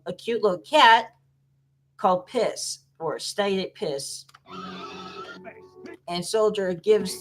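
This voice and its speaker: A woman giving casual reaction commentary on a video, rambling and guessing aloud with many fillers. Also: fairly low pitch.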